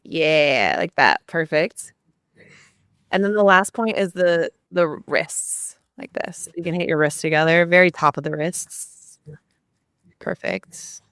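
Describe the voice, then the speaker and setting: A woman coach calmly guiding a tapping exercise with encouraging instructions. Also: lowish voice, clear, resonant tone, no room sound, studio quality. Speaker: subconscious transformation coach.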